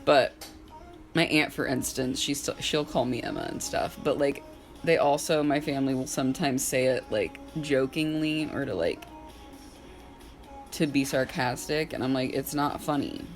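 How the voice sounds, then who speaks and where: A young woman in her twenties speaks straight to camera in a personal vlog. Her talk is loose and unscripted, peppered with "like," and she is open about her feelings. Soft music plays faintly underneath. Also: a bass voice, moderate pace. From Southern United States. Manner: casual, candid, filler-heavy, with frequent "like"; openly emotional at times.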